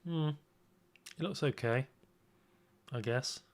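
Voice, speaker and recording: This streamer is a man doing his makeup on a laid-back livestream, unhurried as he explains each step to viewers. His voice is mid-range, and his talk wanders, full of self-mockery and sentences he starts over.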